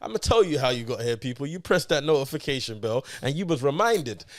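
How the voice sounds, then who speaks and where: Laid-back co-host, dry sound. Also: male voice, mid-range voice, very animated, brisk, no echo. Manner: laid-back, teasing, laughs often. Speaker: podcast co-host. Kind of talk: casual banter.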